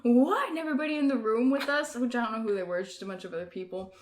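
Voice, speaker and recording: High-voiced young woman telling a dream. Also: rapid-fire. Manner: laughing often, animated, shouting quoted lines. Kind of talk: casual storytelling among friends.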